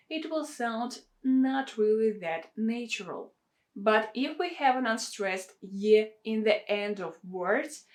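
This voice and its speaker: Slow, careful woman teaching pronunciation. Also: a little high. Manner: repeats example words slowly and carefully. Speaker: language teacher. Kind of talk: pronunciation lesson.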